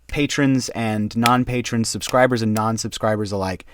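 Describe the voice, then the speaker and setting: A man's voice: fairly low pitch, steady tone, normal speed, slight background noise. A man who narrates stories, chatting casually to his viewers in a rambling way, with lots of ums and casual swearing. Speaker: audiobook narrator. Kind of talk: casual outro chat to viewers.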